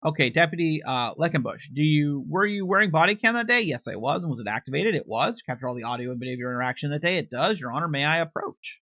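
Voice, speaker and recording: A man's voice: fairly high pitch, animated, quick pace, hardly any pauses, sharp tone, dry recording. A man hosting a true crime channel, reading court transcripts aloud in a matter-of-fact way, announcing each speaker's label and adding his own comments.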